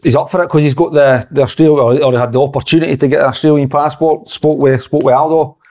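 Gravelly fast-talking man. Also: a little high, fairly even intonation, a little mellow. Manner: rambling, repeats himself. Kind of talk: casual football chat.

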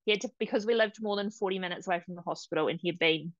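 A young woman, a podcast guest telling her story in a casual, animated way, laughing often and quoting others. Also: fairly low pitch, very fast, no room sound, dull audio. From New Zealand.

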